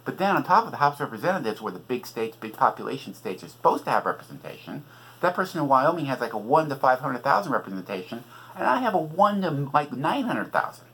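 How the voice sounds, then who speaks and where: A middle-aged Californian who hosts a podcast and writes books delivers an agitated, profane political rant laced with sarcastic asides. He talks fast in a husky, fairly bright mid-range voice with big pitch swings, on a low-quality recording.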